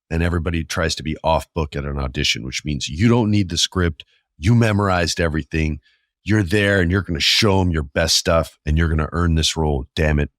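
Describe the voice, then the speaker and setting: A man in his forties hosting a podcast, telling a profane story with animated delivery and acting out the voices in the exchanges he remembers. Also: low-pitched, no room sound, clean studio sound. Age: 40s. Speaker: podcast host. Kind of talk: casual storytelling monologue.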